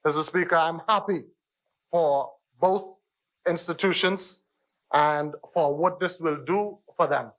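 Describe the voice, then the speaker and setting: A man's voice: on the high side, slow, fairly bright tone, poor audio. A man with a Bahamian accent giving an emphatic parliamentary debate speech in a parliament chamber, repeating phrases for stress. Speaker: member of parliament.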